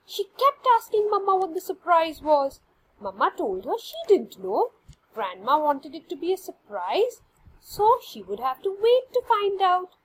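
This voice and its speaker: A woman reading a children's story aloud in an expressive, animated way. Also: extremely high pitch, measured pace, slight background noise, poor audio.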